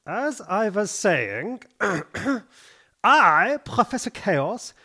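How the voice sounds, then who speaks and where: A man's voice: sits high, big pitch swings, drawn-out words, sharp tone, breathy edge, heavily acted. A man playing a pompous male supervillain with a German accent, who blusters and barks insults.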